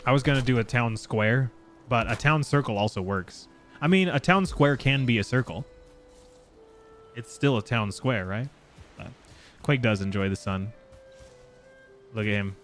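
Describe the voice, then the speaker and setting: Man, casual live-stream gamer, loose, excitable and a bit profane, mid-range voice, soft music behind. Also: medium pitch, measured pace, long pauses. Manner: casual, excitable, swears freely, talks to his chat. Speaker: game streamer. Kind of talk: casual live gameplay chat.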